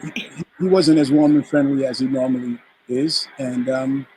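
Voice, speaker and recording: A mid-range male voice at normal speed, captured in a rough recording with slight background noise. He's a guest musician from the Bronx, New York, animatedly telling a story in a casual interview and acting out the quoted voices.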